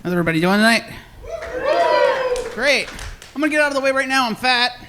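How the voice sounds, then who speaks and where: A man's voice: very high-pitched, expressive, quick pace, background noise. A man in his forties telling rambling, self-deprecating stories in a stand-up set on a comedy club stage, with audience laughter behind him.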